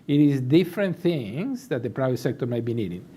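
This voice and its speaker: A man's voice: mid-range voice, sing-song, a little fast, warm tone, husky. A man speaking as a panelist in a policy discussion, making an emphatic, structured argument.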